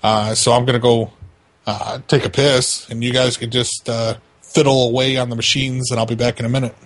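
A man casually telling a profane, animated story about a bug to his co-hosts. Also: medium pitch, a little fast. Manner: swears constantly, animated storytelling. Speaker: co-host of a prank call show.

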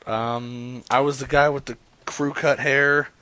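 A man's voice: medium pitch, little pitch movement, slow pace, pushed and bright, no echo. Joking, crude man hosting prank calls. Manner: crude, joking, trails off into mumbles. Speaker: prank caller hosting a call-in stream. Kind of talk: casual rambling chat with prank calls.

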